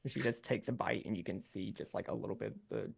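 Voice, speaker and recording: A man narrating as game master in a rambling, halting way with many fillers. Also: on the low side, vocal fry, slightly rough.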